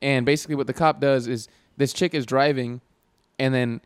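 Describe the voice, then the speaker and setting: A young man in casual chat who tells animated stories and mimics the people in them. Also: medium pitch, normal speed, smooth, no room sound. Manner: animated storyteller, acts out voices.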